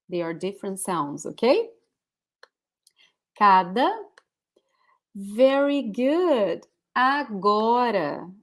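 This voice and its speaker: A woman with a Brazilian accent, a Portuguese speaker, teaching a live online pronunciation lesson, repeating words patiently for her students. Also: mid-range voice. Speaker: language teacher.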